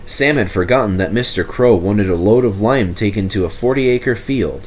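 A man reading a children's railway story aloud, telling it with expressive, animated delivery. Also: lowish voice, normal speed. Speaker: storybook reader.

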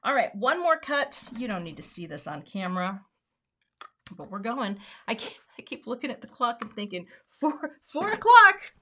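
A woman's voice: medium pitch, lively intonation, normal speed, sharp tone. A woman hosting a casual live craft demo, talking herself through each step and murmuring asides under her breath. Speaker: card-making host.

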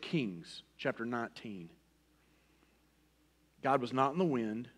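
A middle-aged man preaching a sermon in a folksy, personal way, swinging from loud emphasis to a hushed near-whisper. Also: medium pitch, animated, slow pace, long pauses. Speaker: pastor.

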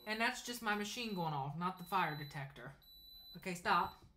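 Chatty teen boy with a bright, high voice. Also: lively intonation, normal speed, echoey room, a little hiss or hum. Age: late teens. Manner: chatty, reads viewer comments aloud and answers them. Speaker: sewing channel host. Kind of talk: casual livestream chat while sewing. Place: home sewing room.

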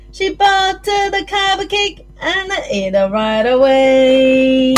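A woman with a New Zealand accent leading a circle-time lesson for young children, with a sing-song, animated way of talking. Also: sits high, slow pace, faint music behind. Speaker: early childhood teacher.

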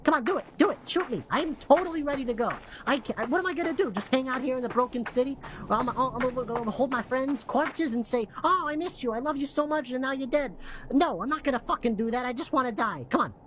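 A woman's voice: sits high, fast talker, a little hiss or hum, close to an everyday voice. A woman voicing a tiny, melodramatic alien townsperson who rambles, whines and swears. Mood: despairing. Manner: rambling, whiny, swears a lot.

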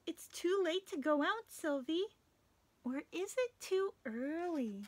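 A woman hosting a children's story time. She reads picture books aloud and talks straight to the little listeners in a slow, sing-song way. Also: very high voice, lively intonation, slight background noise.

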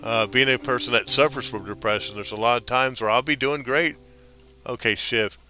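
A man's voice: medium pitch, fairly even intonation, normal speed, sharp tone, faint music behind. A man streaming a game live, chatting casually and hyping up his viewers. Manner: chatty, hyped, talks back to viewers.

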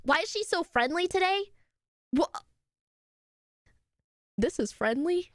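A young woman streamer chatting casually with her viewers, bubbly and quick to squeal and laugh. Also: very high voice, lively intonation, dry recording, studio quality.

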